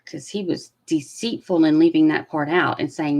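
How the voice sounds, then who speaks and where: A woman giving blunt, animated live commentary, swearing freely and sharing strong opinions. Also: low voice, moderate pace, vocal fry, few pauses, poor audio. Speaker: commentary host. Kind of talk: casual live trial commentary.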